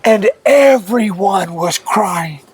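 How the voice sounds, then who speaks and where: A man's voice: sits high, lively intonation, takes it slowly, breathy edge. A male pastor giving an earnest, emotional testimony and laughing now and then as he tells it. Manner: earnest, laughs through his story. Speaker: pastor, guest.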